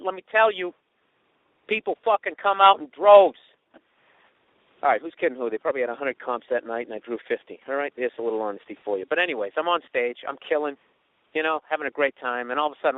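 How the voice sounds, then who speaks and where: Comic host, high voice, swearing storyteller, tinny dry lo-fi sound. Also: male voice, fast, no echo. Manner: profane, animated, does mocking voices of others. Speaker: comedian podcast host. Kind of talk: storytelling monologue.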